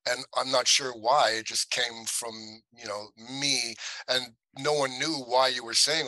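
A man's voice: mid-range voice, fairly even intonation, a little slow, hardly any pauses, pushed and bright, dry recording, low-quality recording. A man, an actor as interview guest, telling stories in rambling talk with many restarts and acted-out quotes. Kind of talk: casual interview storytelling.

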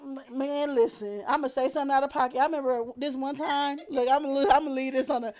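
A woman's voice: sits high, fairly even intonation, fast talker, a little mellow. A woman from Los Angeles co-hosting a casual podcast, talking in a heartfelt, candid and slangy way. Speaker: podcast co-host.

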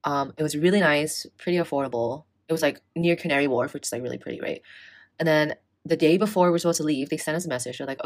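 A young woman in casual chat, telling a story in an animated way, swearing and acting out the people in it. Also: low-pitched, quick pace. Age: young adult. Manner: animated, swearing, acts out quoted exchanges.

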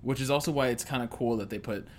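A man's voice: medium pitch, quick pace, a little mellow, slight background noise. A man in casual conversation, explaining a film's ideas hesitantly and searching for words. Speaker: co-host discussing a film. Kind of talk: casual chat.

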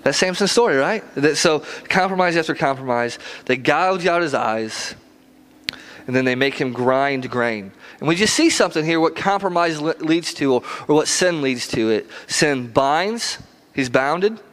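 A man's voice: fairly high pitch, lively intonation, moderate pace, a bit bright. A male preacher giving a casual sermon, conversational, with rhetorical questions and slangy asides.

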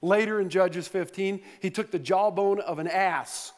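A male pastor preaches in a big church hall, mixing anecdotes and jokes with pointed questions to the congregation. His voice sits a little high for a man, and it rings with a long reverb that fills the space. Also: measured pace. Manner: storytelling preacher, playful humor, rhetorical questions to the congregation. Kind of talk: sermon.

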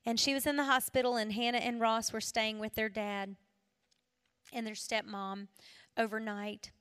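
A woman's voice: fairly high pitch, flat delivery, normal speed, smooth. Earnest woman preaching in a reverberant hall. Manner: earnest storytelling, dropping to a hush for emphasis. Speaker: women's ministry speaker. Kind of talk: personal testimony sermon.

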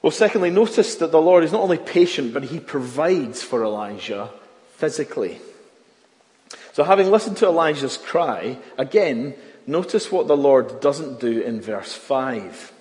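A man preaching a sermon, earnest and mid-pitched. He swings from ringing emphasis to near-hushed phrases. His voice carries a long echo through a church hall. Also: expressive, moderate pace. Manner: earnest, varies volume from loud emphasis to near-hush. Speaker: pastor.

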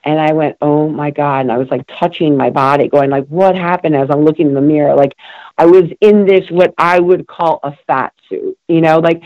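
A woman's voice: sits low, steady tone, a little fast, no room sound. An emotional woman shares her recovery story as an interview guest. She speaks with feeling, circles back on her words and leans on many fillers. The recording is muffled and completely dry, with no room sound.

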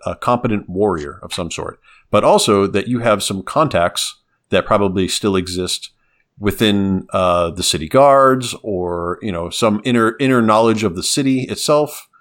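A man's voice: on the low side, normal speed, fairly bright tone. A man hosting a podcast, talking loosely and laughing often. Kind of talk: casual chat.

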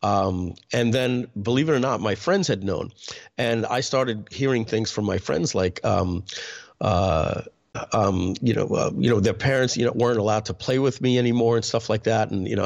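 A man, telling a personal story in a conversational way, full of fillers and restarts. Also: lowish voice. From New York. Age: 50s. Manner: conversational, many fillers and restarts, clears throat often.

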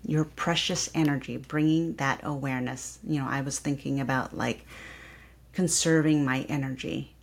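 Low husky woman guiding slow affirmations. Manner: calm, repeats each affirmation slowly. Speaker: yoga teacher and podcast host. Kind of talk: guided reflection and affirmations.

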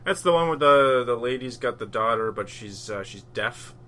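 A man's voice: mid-range voice, expressive, moderate pace, pushed and bright. A man co-hosting a podcast, laid-back and hesitant, with lots of fillers. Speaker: podcast co-host. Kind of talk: casual chat.

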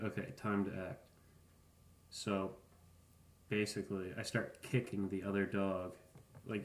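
Deadpan man in his thirties, roomy sound. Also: fairly low pitch. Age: 30s. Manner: deadpan, rambling with asides and profanity. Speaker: podcast host. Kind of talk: casual comedic monologue.

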